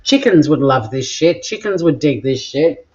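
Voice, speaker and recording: An Australian home cook chats casually in their kitchen for a cooking vlog, rambling and cracking crude jokes. The medium-pitched voice is animated and normal in speed, with a darkish tone, cut-off highs, and slight background noise.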